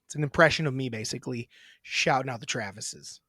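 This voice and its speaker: A man's voice: medium pitch, a little fast, pushed and bright, no room sound, studio quality. A man co-hosting a sibling sports podcast, casual and joking, swearing freely as he coaches his sister. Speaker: podcast co-host. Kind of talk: casual chat.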